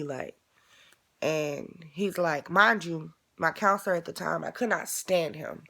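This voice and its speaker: Low, gravelly-voiced woman telling a story. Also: measured pace, a bit bright. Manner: casual, profane, candid retelling. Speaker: vlogger. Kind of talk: emotional personal storytelling.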